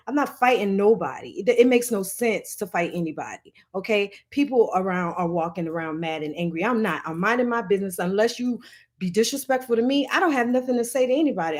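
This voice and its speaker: A woman talks straight to camera in a casual storytime vlog. She is animated and blunt, swears freely, and slips into the voices of the people she quotes. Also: mid-range voice, brisk. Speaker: vlogger telling a story.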